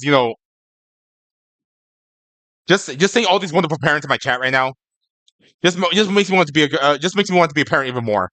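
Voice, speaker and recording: A young man chats with his live-stream viewers in a loose, rambling way, stumbling over his words and checking in with "okay?". His voice sits a bit high and has a bright, forceful edge. The sound is close and dry. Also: expressive, fast, pauses often, no echo. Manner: rambling and stammering, tags lines with "okay?".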